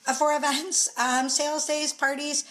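A woman's voice: high voice, flat delivery, moderate pace, fairly bright tone, low-quality recording. A woman from Canada chatting casually into her phone, sharing recruiting tips with many fillers. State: out of breath. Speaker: direct sales team leader. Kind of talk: casual live video chat.

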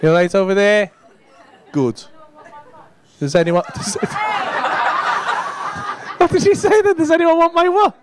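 A stand-up comedian doing crude, teasing crowd work on a club stage. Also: male voice, very high-pitched, sing-song, slow, long pauses. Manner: crude, teasing banter with the audience. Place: comedy club stage before a live audience. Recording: live club recording with loud crowd laughter.

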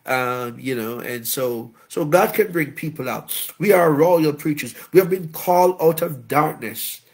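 A man, a bishop, preaches at a Bible study. He talks in an animated way, tells funny stories, and puts in frequent amens and shouts of praise. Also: on the high side, measured pace, slightly rough. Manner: humorous, anecdotal. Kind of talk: sermon.

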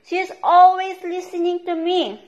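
A woman talking to her pet dogs, giving slow commands and coaxing and scolding them in pet-talk. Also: highs cut off. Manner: high excited pet-talk when urging. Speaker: vlogger and dog owner.

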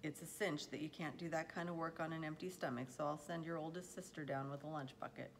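A woman reading aloud as a patient farmer father speaking to his son in a slow, calm, reassuring way. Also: low-pitched, slight background noise, close to an everyday voice. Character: kindly, patient farmer father, middle-aged man.

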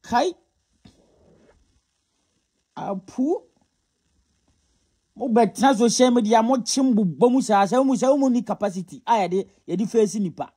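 A man's voice: very high-pitched, measured pace, pauses often, mellow, breathy edge. A Ghanaian man giving casual gossip commentary, mocking and scolding as he mixes Twi and English. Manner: scolding, mocking, often laughing.

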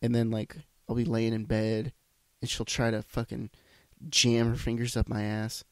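There's no echo on this medium-pitched, monotone male voice moving at a normal pace. A sinus-congested podcast host rambles alone through a casual, profane, self-deprecating monologue, using a podcast microphone.

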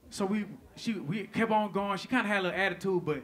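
A man doing stand-up comedy, telling a story in an animated, profane way and acting out the lines of people in it. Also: high voice, fast, few pauses. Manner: animated, profane, acts out quotes.

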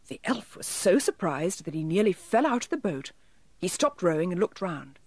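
A woman narrating a children's storybook in a gentle, expressive storytelling manner. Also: fairly low pitch, moderate pace, dry recording. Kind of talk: storybook reading.

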